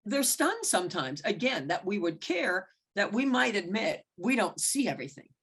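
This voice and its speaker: Animated, outspoken woman referee telling stories. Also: moderate pace, breathy edge. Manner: animated, acts out quoted exchanges with big pitch jumps; blunt and frank, with occasional mild swearing. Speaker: basketball referee mentoring younger players. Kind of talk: candid storytelling in a mentoring talk.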